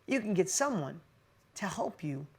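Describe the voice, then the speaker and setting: A middle-aged man giving a motivational business talk, energetic, telling stories and firing rhetorical questions. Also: high-pitched, normal speed, vocal fry, breathy edge. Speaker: business speaker.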